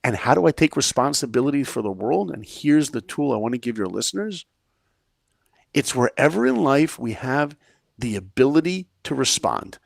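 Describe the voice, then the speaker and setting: A middle-aged man telling a story with lots of energy, his voice gravelly with fry. He acts out the lines he quotes, jumping up high and dropping low. The sound is dry and close, with no room around it. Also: normal speed, no room sound. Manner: energetic, acts out quoted lines with big swings in pitch and volume. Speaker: podcast guest, filmmaker and speaker. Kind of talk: animated storytelling in conversation.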